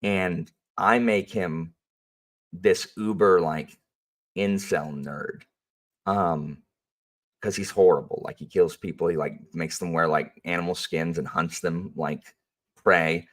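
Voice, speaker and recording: A man who works as a history teacher, telling a story in a casual, animated and rambling way, full of fillers. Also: low-pitched, slow pace, far from the mic.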